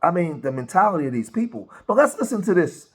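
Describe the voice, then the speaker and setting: Brief: male commentary host, slightly higher voice, animated, keeps restarting phrases, asks rhetorical questions. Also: fast talker, breathy edge. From grew up in a rough city neighborhood. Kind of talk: casual commentary.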